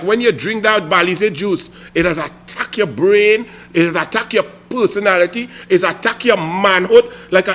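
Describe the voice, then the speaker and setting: High, bright-voiced Trinidadian man taunting. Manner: taunting, theatrical, repeatedly needling. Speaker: political commentator. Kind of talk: mocking political commentary.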